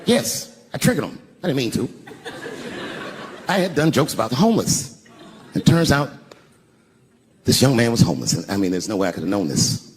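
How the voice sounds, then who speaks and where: Animated stand-up comedian in a big hall. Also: male voice, medium pitch, normal speed, pauses often. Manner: storytelling, swings from hushed to shouted punchlines. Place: large theater stage with an audience. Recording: reverberant venue sound with crowd noise. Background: audience laughter.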